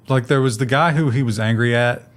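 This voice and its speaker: A man's voice: mid-range voice, measured pace, creaky. A man co-hosting a casual tech news show, full of sarcastic jokes and asides.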